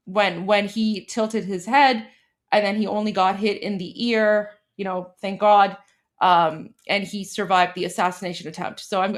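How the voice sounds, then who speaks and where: A woman's voice: mid-range voice, a bit bright. A Canadian woman hosting a live stream, chatting casually and translating a clip with many fillers. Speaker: host. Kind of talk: casual commentary.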